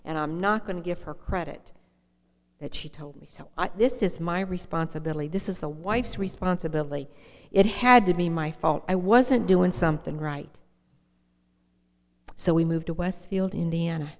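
Woman telling her story at a meeting podium, low voice, kinda emotional, big echoey hall. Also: moderate pace, darkish tone. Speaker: speaker sharing her recovery story at a meeting. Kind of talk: personal testimony talk. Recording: long hall reverb.

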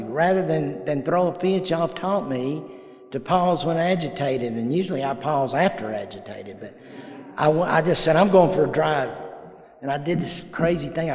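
An older man, telling folksy personal stories at a recovery meeting and acting out the dialogue. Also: fairly high pitch. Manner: folksy storyteller, acts out quoted dialogue. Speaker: AA meeting speaker. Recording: echoey hall.

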